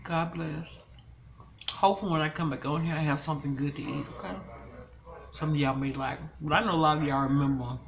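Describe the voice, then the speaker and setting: A woman's voice: low-pitched, steady tone, fairly quick, a little hiss or hum, low-quality recording. An older woman and grandmother, talking casually to her viewers in a vlog, upset and pleading for advice. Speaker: mukbang vlogger.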